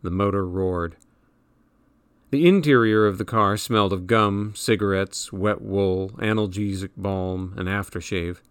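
A man reading a novel aloud in measured, wry audiobook narration. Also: sits low, clean tone, no echo.

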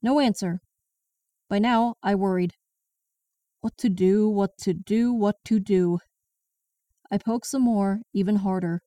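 A woman's voice: mid-range voice, slow, pauses often, mellow, no echo, natural voice. A woman in her sixties narrating as a stern Chinese grandmother, with a Chinese accent, broken English and a blunt, indignant manner. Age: 60s. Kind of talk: first-person audiobook narration. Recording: distant mic in a dry room.

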